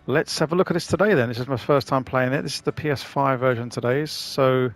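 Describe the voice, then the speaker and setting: A man's voice: medium pitch, a little fast, soft background music. A man casually commenting on a video game he is playing for the first time, chatty and rambling. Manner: chatty, rambling, self-deprecating. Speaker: gaming channel host.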